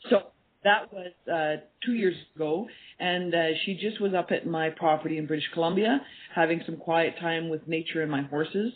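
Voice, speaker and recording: A woman's voice: sits low, normal speed. A woman guest on a radio interview, telling stories earnestly and acting out quoted dialogue. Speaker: guest, animal communication teacher. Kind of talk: storytelling interview talk. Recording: tinny phone line.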